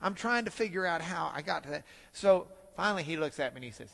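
A middle-aged man teaching a Bible class, telling a self-deprecating story in an animated way. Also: fairly high pitch, fast, gravelly, hardly any pauses, in a large hall. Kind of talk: storytelling lecture.

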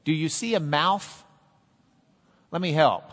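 A man teaching a class, playful and animated, drilling the students and cracking jokes. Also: a little high, takes it slowly, in a large hall.

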